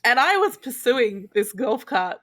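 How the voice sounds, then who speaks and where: A woman's voice: a little high, big pitch swings, a little slow, fairly bright tone, no echo. Woman on a podcast, chatty and upbeat, mid voice, dry close mic. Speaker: podcast guest. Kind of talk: casual chat.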